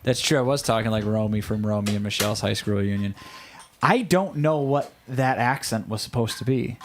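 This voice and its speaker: A man's voice: fairly low pitch, a little fast, slight background noise. A man co-hosting a casual show, bantering with playful jokes. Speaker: co-host. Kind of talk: casual chat.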